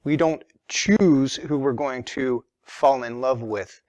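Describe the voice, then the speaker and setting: A man's voice: mid-range voice, takes it slowly, darkish tone, dry recording. A man teaching a religion lesson in a patient, methodical way, stressing key words as he explains.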